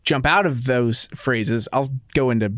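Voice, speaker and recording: A young man co-hosting a radio show podcast, giving his take in a relaxed, casual way. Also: mid-range voice, measured pace, no echo, clean studio sound. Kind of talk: casual chat.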